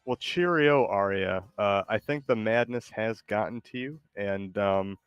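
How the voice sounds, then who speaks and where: A man's voice: fairly low pitch, measured pace, clear, resonant tone, no echo, muffled recording, faint music behind. A man hosting a stream in casual chat, rambling and hesitant with lots of fillers. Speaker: streamer host.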